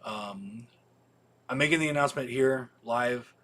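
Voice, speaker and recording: A man's voice: medium pitch, a little slow, fairly bright tone. A man hosting a casual livestream for his video store, rambling and swearing freely, with many ums and restarts.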